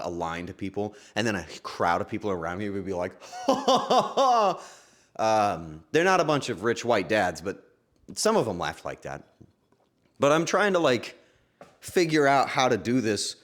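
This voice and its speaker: Streaming casually from home, a man with a medium-pitched voice chats with his viewers in an emotional, halting way, now and then bursting into sudden excitement.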